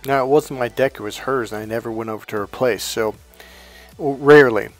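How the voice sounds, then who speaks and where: A man casually telling personal stories to camera, animated and rambling, laughing as he goes. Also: medium pitch, a little fast, dry recording, soft background music. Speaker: spiritual coach and video host. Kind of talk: casual storytelling monologue.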